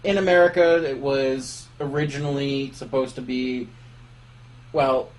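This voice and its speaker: A man's voice: medium pitch, steady tone, unhurried, rough recording. A man co-hosting a casual podcast, joking crudely between stories. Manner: jokey, crude humor. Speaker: podcast co-host. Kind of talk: casual chat.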